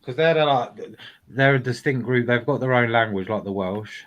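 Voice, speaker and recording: A man's voice: mid-range voice, moderate pace, a bit bright, dull audio. A man talking as a guest on a casual live-stream panel, rambling and swearing, tagging his sentences with "innit". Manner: rambling, tags lines with "innit", swears freely.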